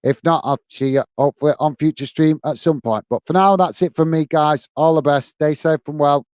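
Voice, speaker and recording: A man's voice: on the high side, steady tone, a little fast, darkish tone, no echo. Tired man signing off a stream. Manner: friendly, repetitive sign-offs, many fillers. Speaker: football channel host. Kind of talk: live stream chat reading viewer comments.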